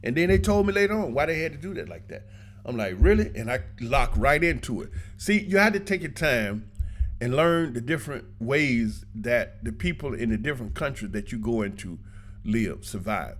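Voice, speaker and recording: Animated man telling travel stories. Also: mid-range voice, moderate pace, a little hiss or hum. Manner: animated, colloquial, laughs often, preachy asides. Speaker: vlogger giving travel advice. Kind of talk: casual storytelling monologue.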